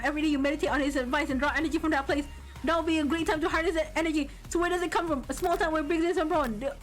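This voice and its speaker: A woman VTuber streaming a game, reading its text aloud and bursting into loud outcries and laughter. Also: very high-pitched.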